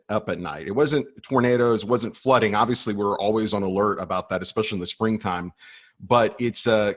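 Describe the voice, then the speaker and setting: A man's voice: on the low side, fairly bright tone. A man guesting as a meteorologist on a casual podcast, friendly and chatty. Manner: friendly, chatty, laughs easily. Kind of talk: casual interview chat.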